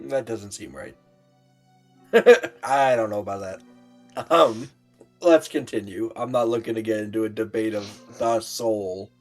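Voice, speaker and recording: Male tabletop player, slow, teasing banter. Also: lowish voice, faint music behind. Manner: teasing, laughs often. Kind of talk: casual chat in a tabletop game.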